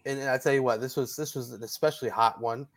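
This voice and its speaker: A man's voice: mid-range voice, steady tone, fast. A man hosting a casual sports podcast, talking in a rambling way with many restarts. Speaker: podcast host.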